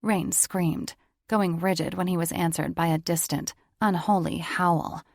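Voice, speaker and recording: A woman narrating a romance audiobook in an even, measured storytelling voice. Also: lowish voice, vocal fry, dry recording, clean studio sound.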